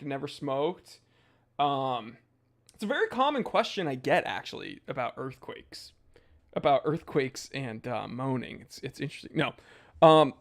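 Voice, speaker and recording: A young man hosting a casual livestream, reading viewer comments aloud in a goofy, jokey way with sudden loud outbursts. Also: a little high. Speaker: watch channel host.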